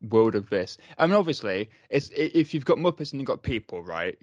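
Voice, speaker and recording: A man's voice: medium pitch, brisk, dry recording. Male co-host, easygoing and agreeable, muffled lo-fi mic. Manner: relaxed, agreeable, with short interjections. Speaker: podcast co-host. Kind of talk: casual film-review chat. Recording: dull, lo-fi sound.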